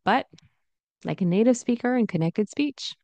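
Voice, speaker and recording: A woman teaching English pronunciation in an online lesson, speaking slowly and saying each example phrase over and over. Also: fairly high pitch, lively intonation, a little mellow, no echo. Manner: slow, demonstrative, repeats example phrases.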